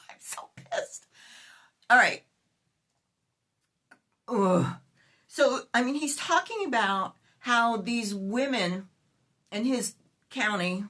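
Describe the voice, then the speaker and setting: A woman in her fifties hosting a casual vlog and ranting in an exasperated, animated way, with sudden outbursts. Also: medium pitch. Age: 50s. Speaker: YouTuber.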